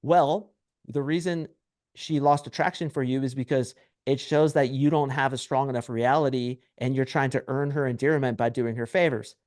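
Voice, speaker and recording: A brash man talks as a podcast guest, coaching men on dating. He is animated and acts out short exchanges to make his points. His voice is mid-pitched, and the sound is dry and close. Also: normal speed, no echo. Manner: brash, animated storytelling with acted quotes. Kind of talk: podcast interview.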